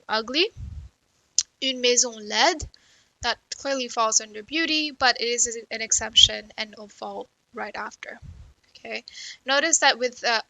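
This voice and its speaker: A woman's voice: fairly high pitch, bright, forceful tone, dry recording, rough recording. A woman teaching a French grammar lesson in English, explaining step by step and checking in with "right?" and "okay". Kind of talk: recorded grammar lecture.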